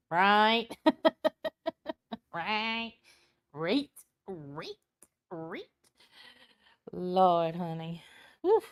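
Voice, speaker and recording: A woman's voice: fairly low pitch, sing-song, very slow, long pauses. A woman chatting casually on her live stream, greeting viewers by name with plenty of ums and laughs, sounding tired. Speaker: live-stream tarot reader. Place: at home at her computer with a small fan running. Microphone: computer mic.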